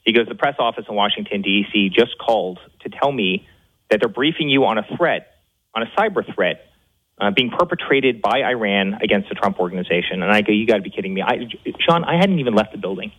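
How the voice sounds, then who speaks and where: A man speaking as an interview guest, fast and animated, with many restarts and repeated words. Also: on the low side. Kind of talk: interview on a phone line. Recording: tinny phone line.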